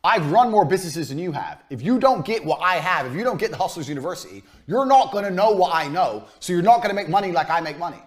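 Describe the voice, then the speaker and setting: A man's voice: sits high, animated, fast, few pauses. A man giving a business lecture as a coach, blunt and profane, hammering his points home by repeating them.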